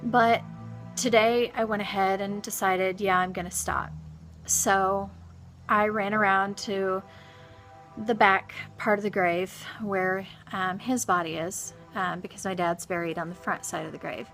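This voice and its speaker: Slow, halting grieving woman. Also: medium pitch, steady tone, soft background music. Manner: halting, soft-spoken, many pauses and restarts. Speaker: vlogger. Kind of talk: reflective personal monologue.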